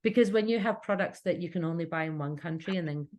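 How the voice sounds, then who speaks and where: A woman's voice: lowish voice, quick pace, a little mellow. A Scottish woman talking earnestly as a podcast guest about running her business, with frequent restarts. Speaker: cake kit business owner, podcast guest. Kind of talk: casual interview chat.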